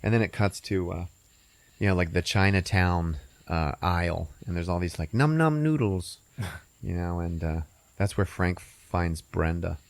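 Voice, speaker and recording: A man's voice: deep voice, unhurried, gravelly, dry recording. A man hosting a podcast, rambling and swearing as he recaps a movie. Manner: rambling, laughing, profane. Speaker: podcast host.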